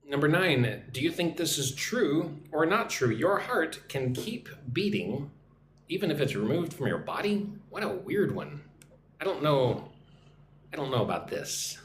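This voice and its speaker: A man from the United States teaching an English lesson on a livestream, drilling pronunciation slowly and asking "right?" again and again. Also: fairly high pitch, big pitch swings. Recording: echoey room, faint background noise.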